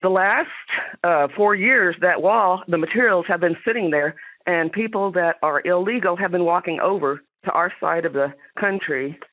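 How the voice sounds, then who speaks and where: A woman's voice: lowish voice, normal speed. Blunt Texan woman on a phone line. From Texas. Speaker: caller. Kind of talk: phone-in call.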